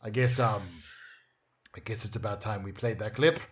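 A man's voice: on the low side, steady tone, moderate pace, lightly acted. A man playing a self-righteous comedy podcast host in playful banter.

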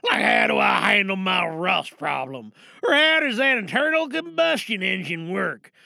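A tired, rusting male machine grumbles at length in an audio comedy play, as a man puts him on. His voice is high, bright and tense. The sound is close and dry. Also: sing-song, moderate pace, vocal fry, dry recording, exaggerated voice. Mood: weary. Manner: complaining, wordy.

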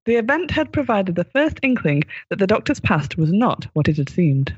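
Husky, animated man reading a comic story. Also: high-pitched, moderate pace, no room sound, lo-fi sound. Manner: animated, giggling reading with put-on voices. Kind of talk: amateur comic fan-fiction reading.

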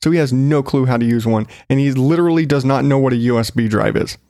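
A man hosts a solo show, riffing on strange headlines with sarcastic, profane commentary and frequent laughter. His voice sits at an ordinary middle pitch. The sound is dry and close, with no room around it. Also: fast, mellow, no room sound. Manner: sarcastic, swearing, laughing often. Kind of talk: casual news commentary.

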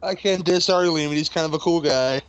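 A man's voice: fairly high pitch, quick pace. A man co-hosting a casual movie commentary, with crude joking banter. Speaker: podcast co-host.

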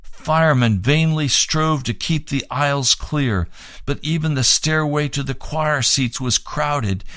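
A man's voice: fairly high pitch, fairly bright tone, dry recording, studio quality. A man preaching on the radio, reading aloud from a book and making fervent, pleading appeals for donations.

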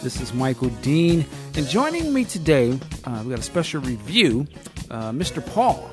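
A man's voice: medium pitch, sing-song, normal speed, over music. A man from the United States hosting a podcast, talking in a loose, rambling way with many fillers. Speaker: podcast host. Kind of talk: casual chat.

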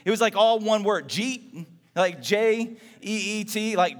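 High-voiced man preaching in a reverberant hall. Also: a little slow. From Texas. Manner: conversational, animated, acts out everyday voices. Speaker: pastor. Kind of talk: sermon.

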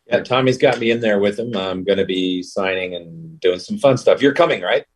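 A man's voice: low-pitched, moderate pace. A man, a guest voice actor and musician, chatty and joking in a casual interview over a remote call. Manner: chatty and jokey.

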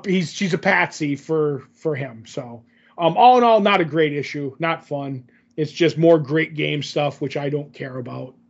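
A man's voice: a little high, gravelly, muffled recording. A man co-hosting a podcast, rambling through a comic book recap in casual chat, with lots of fillers and self-corrections.

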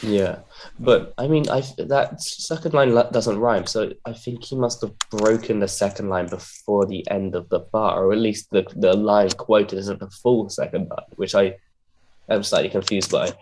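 Deep-voiced man musing hesitantly. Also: fairly even intonation, normal speed, a little mellow, slight background noise. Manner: hesitant, filler-heavy, searching for words. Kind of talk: casual conversation about poetry and rap.

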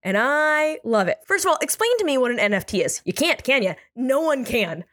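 A young adult woman hosting comedic news commentary, sarcastic and exasperated, with animated asides. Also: high-pitched, brisk.

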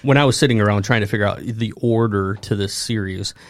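A man, a pastor, talking casually on a podcast about a scripture verse, animated and quick to laugh at himself. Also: lowish voice, no room sound, studio quality. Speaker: pastor who preached the sermon series.

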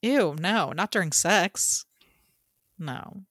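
A woman in her thirties co-hosting a podcast in casual chat, blunt and quick to swear and laugh. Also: fairly low pitch, animated, a bit bright, no echo, studio quality. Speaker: podcast co-host.

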